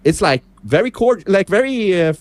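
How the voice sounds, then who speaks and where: Animated, swearing male streamer. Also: high-pitched, normal speed. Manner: animated, profane, defensive. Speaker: streamer reacting to a podcast clip. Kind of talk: casual reaction commentary.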